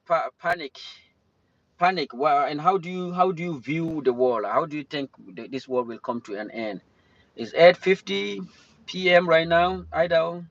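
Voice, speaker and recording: A man's voice: fairly high pitch, fairly bright tone, no echo, lo-fi sound. A young man hosting a casual livestream, rambling and breaking off to greet viewers in the chat. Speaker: livestream host. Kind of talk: casual live-stream chat. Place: in or near his car.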